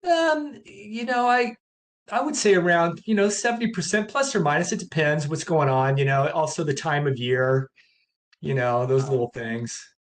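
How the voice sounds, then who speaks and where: A man's voice: a little high, lively intonation, normal speed. A man, a chiropractor guest in a casual interview, who talks hesitantly with many fillers but gets blunt.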